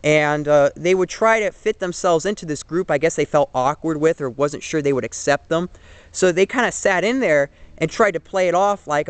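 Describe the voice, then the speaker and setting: Young man, twenties, somewhat high voice, earnest rambling talk, dry close sound. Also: brisk, clean tone, no echo. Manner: earnest, rambling, heavy with fillers and restarts. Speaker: vlogger. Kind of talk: casual opinion monologue to camera.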